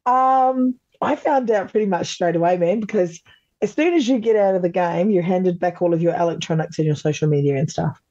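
An Australian woman telling stories on a podcast with lively energy, dropping swear words and laughing as she acts out other people's lines. Her voice is mellow and a touch dark. The audio sounds dull and lo-fi, like a remote call. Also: lowish voice, a little fast, no echo. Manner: animated, swears freely, laughs often, acts out quotes. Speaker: podcast guest, former reality show contestant. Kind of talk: casual interview chat.

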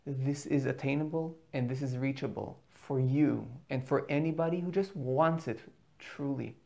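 A man's voice: mid-range voice, moderate pace, gravelly, darkish tone. A man giving an earnest motivational spiritual talk as a teacher, repeating words for emphasis.

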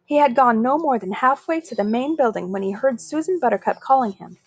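A woman's voice: fairly high pitch, lively intonation, fairly quick, husky, lo-fi sound. Woman reading a children's book aloud. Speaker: story reader.

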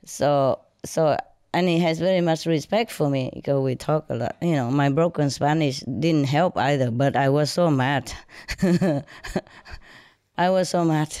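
Animated woman with broken English. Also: low voice, unhurried, clean tone, no echo, clean studio sound. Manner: non-native English with broken grammar; animated, laughs often while telling. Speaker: storyteller. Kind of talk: casual anecdote told to listeners.

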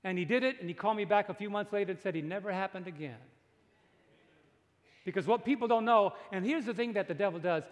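A pastor preaching a dramatic sermon to a congregation, slowing down to stress his points. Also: sits high, in a large hall. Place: large church before a congregation.

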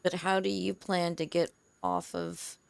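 A woman's voice: fairly low pitch, level tone, a little slow, gravelly, clean tone. A woman playing a tabletop game, talking bluntly and skeptically and swearing freely. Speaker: player. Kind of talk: casual in-character play.

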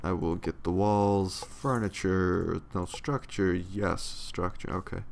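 A young let's play commentator grumbles at the game in a deep, slow, creaky voice that's steady and a little mellow, yawning with tiredness. His casual commentary is profane and sarcastic, and there's a little hiss or hum.

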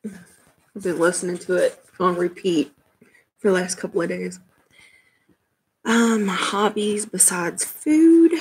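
Woman streamer, casual home chat, husky and unhurried, chatty with frequent laughs. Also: on the low side, darkish tone, rough recording. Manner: chatty, rambling, laughs often. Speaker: livestream host.

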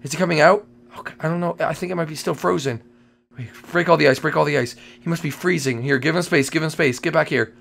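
Excitable gravelly young-sounding man host. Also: fairly high pitch, fast talker. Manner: excitable, exclaiming and repeating himself. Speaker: channel host and Minecraft role-play player. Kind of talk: excited game role-play commentary.

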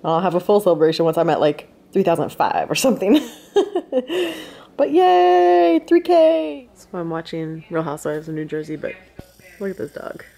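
A woman's voice: sits low, quick pace, mellow. A woman in her thirties chatting casually at home for her weekly vlog, laughing often and talking to her dogs. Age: 30s. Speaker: vlogger. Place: at home indoors.

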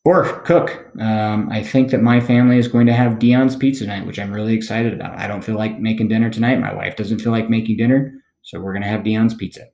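A man teaching a recorded lesson, explaining in a relaxed, conversational way and often checking in with "okay?". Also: on the low side, brisk, gravelly, hardly any pauses, roomy sound. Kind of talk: recorded classroom lecture.

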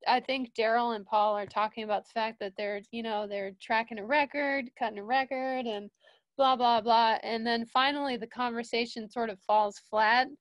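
A young woman and studio manager telling a casual story, full of fillers and restarts, jumping higher when she quotes people. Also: steady tone, moderate pace, dry recording.

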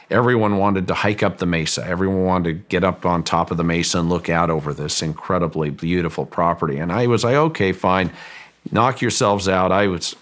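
A man's voice: deep voice, fairly bright tone. A man, a guest on an interview show, telling a long story with frequent restarts and fillers, raising his voice when he acts out quoted lines. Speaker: guest, ranch owner.

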